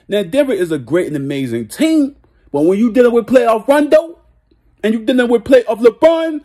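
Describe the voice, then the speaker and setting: Casting note: excitable male sports vlogger, high and husky, swings from low drawl to shouts. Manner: animated, shifts between low drawl and loud shouts. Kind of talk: excited casual basketball rant.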